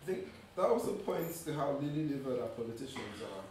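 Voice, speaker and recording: A man's voice: medium pitch, expressive, fairly quick, a little mellow, slight background noise. A man from Nigeria who is a writer, speaking thoughtfully with many hesitations on a live panel. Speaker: writer and playwright. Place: museum event space. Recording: echoey room, far from the mic.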